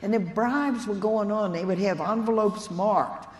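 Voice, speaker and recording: A woman's voice: medium pitch, a little slow, a little mellow. A woman, a nun, giving an earnest storytelling keynote talk and speaking directly to an audience of lawyers. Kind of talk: conference keynote speech. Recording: echoey hall, faint room noise.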